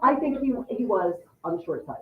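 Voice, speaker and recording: A woman teacher giving a history lesson to a class, animated and repeating key words for her students. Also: mid-range voice, a little fast. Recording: echoey room, far mic, phone-like sound.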